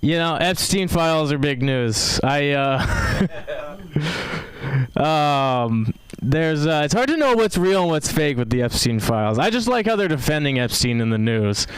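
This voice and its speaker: A man's voice: fairly high pitch, sing-song, measured pace. Rambling young man doing stand-up. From Seattle, USA. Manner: rambling, filler-heavy delivery with self-amused laughs. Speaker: open mic comedian. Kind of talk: stand-up set. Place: comedy club stage.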